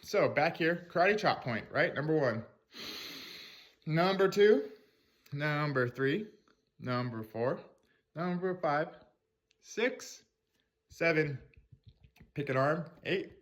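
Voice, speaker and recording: A man's voice: a little high, unhurried, a bit bright. Rambling man coaching tapping, swearing freely. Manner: loose, rambling, swears casually; acts out angry self-talk in a raised voice. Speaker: spiritual mindset coach. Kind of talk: teaching tapping technique.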